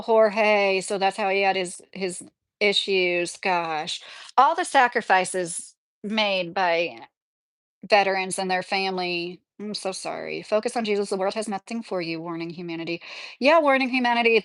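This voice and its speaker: A woman's voice: medium pitch, no echo, clean studio sound. A woman from New Jersey hosting a livestream, chatting casually and reading viewer comments, rambling and laughing often. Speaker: livestream host.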